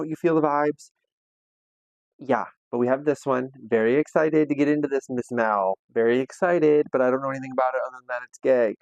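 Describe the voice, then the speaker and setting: A man's voice: mid-range voice, a little mellow, dry recording. A young man gushes through his book haul in a playful, slangy, sassy way. He sounds slightly winded. The recording is close and dry, with a somewhat dull, muffled tone. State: a little out of breath. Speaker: booktube host. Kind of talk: casual book haul vlog.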